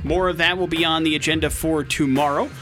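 A man's voice: fairly high pitch, steady tone, fairly bright tone, soft background music. A man hosting a morning radio show, upbeat and jokey, running call-in games and reading promos in a studio. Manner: upbeat, quick, jokey, reads phone number and promos. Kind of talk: casual morning radio banter.

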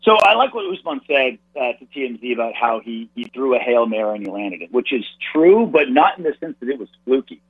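A man giving animated, analytical sports commentary as a guest, heard over a phone line. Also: mid-range voice, dry recording. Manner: animated, analytical, quick restarts. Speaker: radio and podcast host, guest analyst. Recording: phone line, narrow and husky.

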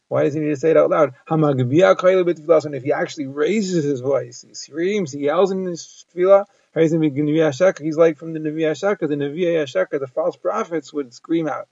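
A man's voice: fairly high pitch, normal speed, creaky, few pauses, dark tone, no echo. A man giving a daily Talmud lesson, translating phrase by phrase in an explanatory manner. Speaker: Talmud teacher. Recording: dull lo-fi dry recording.

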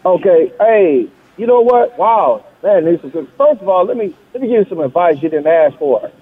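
A man's voice: high voice, expressive, moderate pace, breathy edge. A man calling in to a radio show, giving laid-back joking advice over the phone. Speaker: caller. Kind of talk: casual call-in chat. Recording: tinny phone line.

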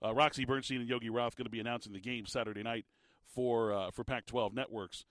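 A man hosting a sports radio show, ranting in an animated, incredulous way with a tired, slightly squeaky voice. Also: fairly quick, dry recording, clean studio sound. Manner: animated, incredulous rants with laughs. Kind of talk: sports talk radio monologue.

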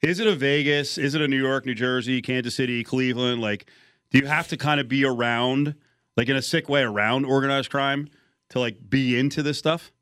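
Male sports radio host, mid pitch, leads the talk with loose questions, dry sound. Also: steady tone, fairly quick, fairly bright tone, smooth, dry recording. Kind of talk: casual sports radio chat.

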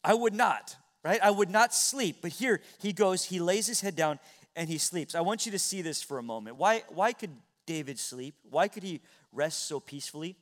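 A middle-aged male pastor preaching a sermon in a church, earnest, dropping to hushed tones and rising to loud exclamations. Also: sits high, expressive, moderate pace. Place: church sanctuary.

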